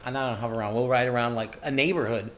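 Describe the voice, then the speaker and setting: A man's voice: mid-range voice, fast, a bit bright. A young man co-hosting a casual comedic chat, joking and swearing freely. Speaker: co-host.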